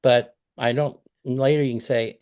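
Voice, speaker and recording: A middle-aged man coaches a parent over a video call. He talks conversationally, at a medium pitch, and slips into example lines of dialogue as he explains. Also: steady tone, moderate pace, darkish tone, clean tone. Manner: conversational, acts out example phrases.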